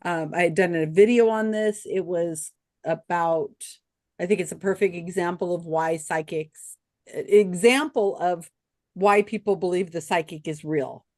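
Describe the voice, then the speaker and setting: A woman's voice: on the low side, darkish tone, dry recording. Woman, online trivia host; casual, talkative, dead-dry call audio. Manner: chatty, laughs often, quick asides. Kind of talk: casual chat.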